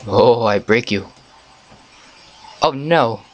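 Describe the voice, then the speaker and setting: A man narrating his own gameplay in a casual let's-play, excitable, talking to the game and swearing. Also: medium pitch, drawn-out words, lo-fi sound. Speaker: gameplay video maker.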